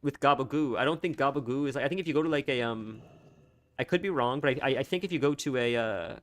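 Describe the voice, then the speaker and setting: A man's voice: medium pitch, fast, fairly bright tone. A man streaming a game and chatting casually with his viewers, rambling along with lots of filler words and restarts. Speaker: gaming livestreamer. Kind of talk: casual chat with live viewers.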